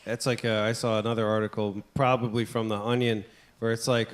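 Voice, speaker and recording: A young adult man co-hosting a casual comedy podcast. He chimes in with quick reactions, laughs often and swears casually. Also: lowish voice, level tone. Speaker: podcast co-host.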